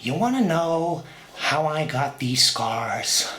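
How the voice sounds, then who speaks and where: A man voicing a menacing scarred male clown villain, slow and drawn-out. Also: fairly high pitch, very animated, sharp tone, heavily acted. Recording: echoey room, faint background hum.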